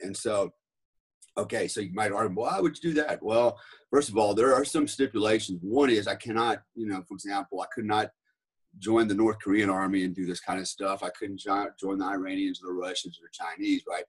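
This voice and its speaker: Man, middle-aged, from the US, husky, podcast guest, casual rambling storytelling. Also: fairly low pitch, steady tone, fairly quick. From United States. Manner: rambling, profane, lots of fillers.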